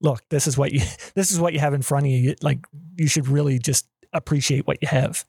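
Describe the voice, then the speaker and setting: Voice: medium pitch, fairly even intonation, fairly quick, a little mellow, husky, dry recording, clean studio sound. A podcast host asking questions in a casual interview, enthusiastic and rambling, full of exclamations.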